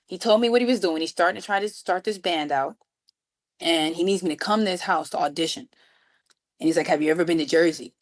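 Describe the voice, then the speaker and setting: A woman from New York City, a guest musician, telling a story with lively acted-out dialogue. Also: fairly low pitch, fast talker. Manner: acts out quoted dialogue with lively voices. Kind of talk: animated storytelling.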